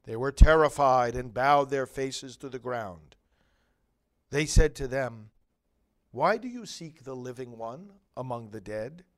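Slow, solemn male priest. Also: mid-range voice, animated. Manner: measured, solemn phrasing with long pauses. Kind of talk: liturgical reading and homily.

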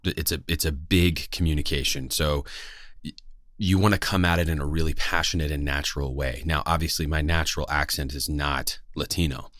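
A man's voice: extremely low pitch, fairly even intonation, fairly quick, a bit bright, no echo, studio quality. A man who is a voice actor, with a West Coast American accent, talking earnestly to camera with many fillers and restarts. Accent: General American, West Coast. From West Coast of the United States. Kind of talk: casual talk to camera.

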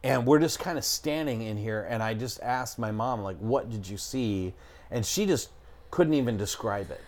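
A man's voice: mid-range voice, lively intonation, normal speed. A middle-aged man telling a story in casual chat, rambling and swearing, with lots of fillers. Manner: rambling, profane, lots of "like" and "I'm talking".

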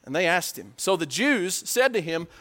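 High-voiced man preaching a lively sermon. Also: moderate pace. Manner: dynamic, swinging between loud emphatic bursts and low quiet stretches; conversational, with rhetorical questions to the congregation.

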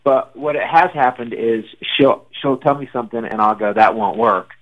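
On the radio, a male comedian guest is interviewed, speaking at normal speed through lo-fi sound. He tells stories in a lively way and acts out quotes with big jumps in pitch.

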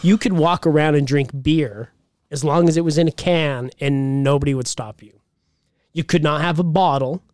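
This is a man from Utah co-hosting a podcast, trading crude, profane banter. His voice sits on the higher side. The dry, close recording has no room sound. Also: normal speed, a little mellow, no room sound. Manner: blunt, profane, storytelling. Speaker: podcast co-host.

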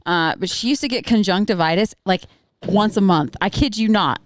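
A woman's voice: medium pitch, normal speed, a little hiss or hum. A young woman co-hosting a podcast, chatting casually, laughing often and jumping from topic to topic. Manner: giggly, chatty, jumps between topics. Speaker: podcast co-host. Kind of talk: casual chat.

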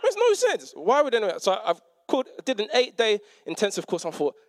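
Young male preacher, chatty storyteller, raised pitch, dry sound. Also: fairly quick, no room sound. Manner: animated, self-mocking, acts out quotes. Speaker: preacher and teacher. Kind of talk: conversational sermon storytelling.

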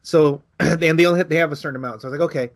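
Animated man telling a story. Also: very fast. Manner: animated, acts out quotes with big pitch jumps; swears freely. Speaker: podcast co-host. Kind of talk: casual storytelling chat.

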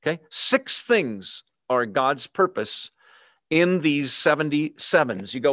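Conversational preacher, fairly high voice. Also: male voice, animated, takes it slowly, fairly bright tone, no echo, clean studio sound. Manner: conversational, asks the congregation questions. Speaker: pastor. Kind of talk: sermon. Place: church with a live and online congregation.

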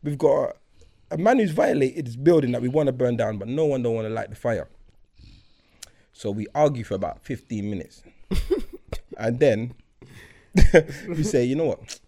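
A man's voice: mid-range voice, animated, normal speed, pauses often, mellow. A man, co-hosting a podcast, telling a story in casual chat and acting out both sides of it. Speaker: podcast co-host.

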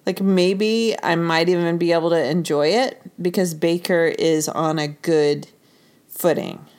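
A woman's voice: fairly low pitch, steady tone, a little slow, a little mellow. A woman co-hosting a podcast, chatting casually and teasingly about football. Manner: playful, teasing, chatty sports talk. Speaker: podcast co-host.

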